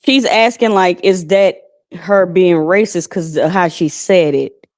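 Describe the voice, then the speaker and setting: A woman's voice: lowish voice, a little slow, a little mellow. A woman hosting a casual live stream, rambling and chatty, calling people honey.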